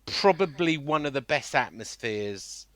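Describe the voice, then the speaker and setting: A man's voice: mid-range voice, expressive, measured pace, a bit bright, no echo. A man co-hosting a casual football fan podcast, rambling with restarts and trailing off as he talks. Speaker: podcast co-host and news editor.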